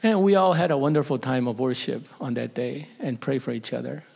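A man's voice: medium pitch, brisk, creaky, darkish tone, husky. A middle-aged man, a pastor, telling a personal story in a sermon, emotional and at times dropping to a whisper.

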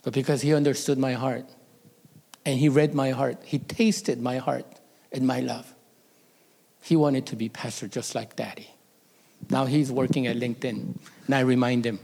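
A man's voice: medium pitch, steady tone, moderate pace, vocal fry, long pauses, warm tone. A middle-aged man, a pastor, telling a personal story in a sermon, emotional and at times dropping to a whisper.

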